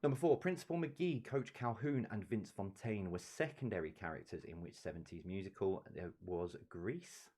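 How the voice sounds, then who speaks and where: A man's voice: deep voice, expressive, moderate pace, hardly any pauses, a little mellow. A man hosting a live-streamed quiz, reading each question and its answer with offhand chatty asides. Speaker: quiz host.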